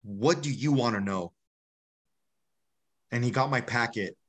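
A man's voice: medium pitch, measured pace, a bit bright. A man, an army veteran, is a podcast guest telling a personal story candidly and bluntly, acting out the dialogue in a casual way. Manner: blunt and casual, acts out dialogue, says "bro".

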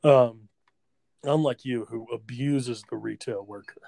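A man's voice: medium pitch, unhurried, creaky, mellow, no echo. A man co-hosting a podcast in casual, profane chat and trading crude jokes with his friend. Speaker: podcast co-host.

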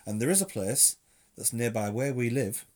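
A man's voice: mid-range voice, animated, moderate pace, a little mellow. Dry, teasing young man chatting. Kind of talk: casual chat.

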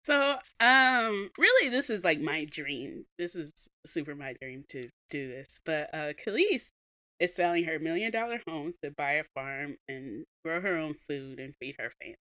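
Southern-accented woman co-host, laughs easily, loses her thread, bright, lively delivery. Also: low-pitched, normal speed, dry recording, studio quality. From American South. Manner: laughs often, trails off mid-thought. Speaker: podcast co-host. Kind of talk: casual chat.

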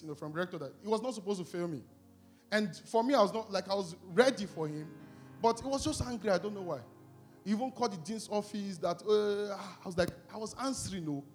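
A man preaching to a congregation, asking them questions and telling an animated personal story. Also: on the high side.

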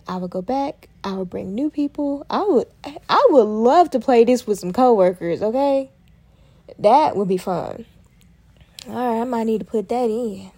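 A woman hosting a casual solo podcast, talking in a chatty, lively way and addressing listeners as y'all. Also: fairly high pitch. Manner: chatty, lively, uses y'all and Southern phrasing. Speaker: podcast host.

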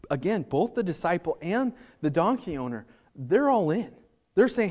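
A man preaching a sermon as pastor, acting out scenes in quick voices. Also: sits high, lively intonation, a little mellow. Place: church.

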